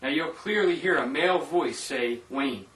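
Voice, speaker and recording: A man with a fairly high, slightly bright voice casually narrates his ghost-hunting evidence at a moderate pace, talking straight to his viewers. He's recorded from a distance in a roomy space, and the recording is rough.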